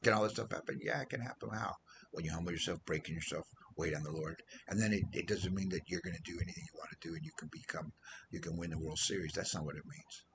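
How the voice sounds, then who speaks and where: Male missionary preacher, low voice, rambling sermon, faint rumble behind. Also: fast talker. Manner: rambling, loses his train of thought. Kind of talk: informal sermon. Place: Philippines.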